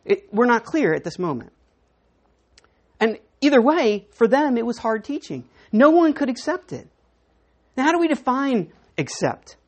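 A woman's voice: on the high side, very animated, moderate pace, darkish tone. A woman preaching a sermon in church, teaching in a conversational way and putting questions to the congregation.

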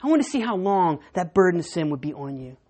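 A woman playing a calm, knowing old grandma. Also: on the low side, fast talker, pitched below the performer's own voice.

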